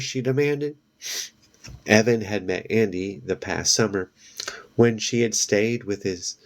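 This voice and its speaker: A man with a fairly low voice reads a children's book aloud for a book video. He narrates plainly and steadily, with the odd slip he corrects and then reads on. His pace stays easy and unforced.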